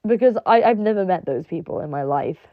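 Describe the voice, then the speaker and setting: Rambling, sarcastic young woman, low voice. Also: lively intonation, brisk, no room sound. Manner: rambling, filler-heavy, sarcastic, profane. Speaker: online personality. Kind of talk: casual rant monologue. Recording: dull lo-fi dry recording.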